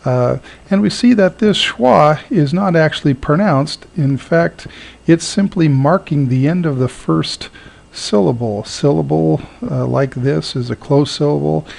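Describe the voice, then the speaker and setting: A man teaching a recorded lesson, halting with frequent fillers and repeating words slowly to model their sound. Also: a little high, gravelly, a little mellow. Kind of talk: recorded lecture.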